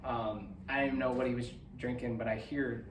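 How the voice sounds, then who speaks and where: A man's voice: mid-range voice, little pitch movement, fairly quick, noisy background. Man, podcast host, rambling storyteller; distant mic in an echoey room. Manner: rambling storyteller, laughs often. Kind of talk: casual chat.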